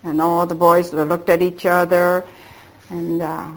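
An older woman whose first language is Japanese, recalling her school days for an oral history interview. She rambles gently and acts out the voices of the people she remembers. She speaks softly and often trails off, in a slightly low voice. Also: little pitch movement, takes it slowly, poor audio. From United States. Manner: rambling storytelling, acting out remembered dialogue.

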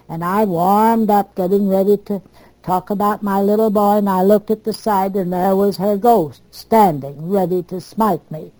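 Older woman telling family stories, mellow. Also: mid-range voice, fairly even intonation, moderate pace, no room sound, low-quality recording. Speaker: storyteller. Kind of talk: oral history reminiscence.

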